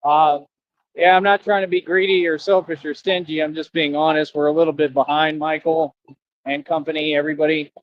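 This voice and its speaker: Brisk and a little high, with little movement in pitch, a man streams live outdoors beside traffic. In casual, rambling talk he preaches and repeats himself while appealing to viewers for donations, heard through dull lo-fi stream audio.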